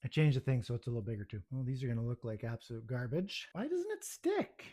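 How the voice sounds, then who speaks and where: A home baking vlogger talks casually to the camera in his kitchen at an average pitch, racing through his words as he bakes. He keeps up a constant self-deprecating, exasperated mutter, half to himself and half to viewers.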